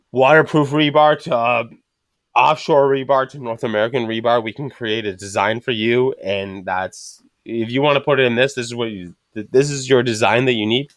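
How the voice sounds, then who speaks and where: A man hosts a relaxed podcast conversation, with a voice of middling pitch that sounds dry and close to the mic. He talks bluntly and swears freely, and he throws himself into his storytelling. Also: no echo. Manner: blunt and profane, animated storytelling. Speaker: podcast host and rebar worker. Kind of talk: casual podcast chat.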